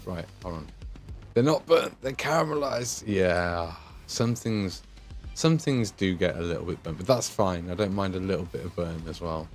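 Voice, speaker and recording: Chatty English Midlands man, lowish voice. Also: normal speed, faint music behind. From England. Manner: chatty, swears, laughs often, reads chat aloud. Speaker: livestream host painting miniatures. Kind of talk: casual livestream chat.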